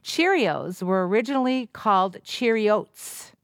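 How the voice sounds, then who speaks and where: A woman's voice: medium pitch, animated, unhurried, dry recording, studio quality. Playful woman co-hosting a radio show. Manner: playful, teasing. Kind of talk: casual trivia chat.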